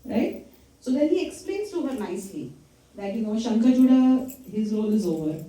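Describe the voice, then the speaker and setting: A woman's voice: a little high, very animated, moderate pace, warm tone. A woman giving a temple lecture, retelling scripture stories in a conversational way and quizzing her listeners. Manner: conversational storytelling, quizzes the audience. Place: temple hall. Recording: echoey hall, mic from far off.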